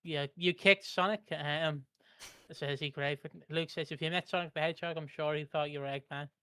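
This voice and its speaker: British guy reading out chat messages, bright smooth voice, dry close mic. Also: on the high side, steady tone, normal speed, dry recording. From Britain. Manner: reads comments aloud with stumbles. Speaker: co-host reading out viewer comments. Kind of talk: live stream, reading chat.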